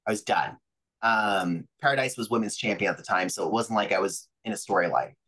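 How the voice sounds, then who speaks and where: A young adult man, a pro wrestler guest on a podcast, telling stories in a lively, profane way and acting out other people's voices. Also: on the low side, brisk, low-quality recording. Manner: animated, profane, acts out quoted voices. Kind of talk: casual interview storytelling.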